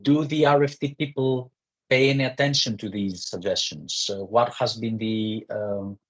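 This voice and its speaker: Male moderator, breathy and low, relaying questions politely. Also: moderate pace. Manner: polite, hesitant, many "uh" and "um". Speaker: session moderator. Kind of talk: reading audience questions.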